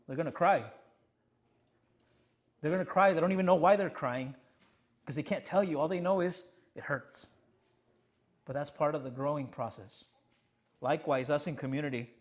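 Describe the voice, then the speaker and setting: A young male pastor delivers a sermon, his voice sitting a little high. He presses his points repeated rhetorical questions and answers them himself. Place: church sanctuary.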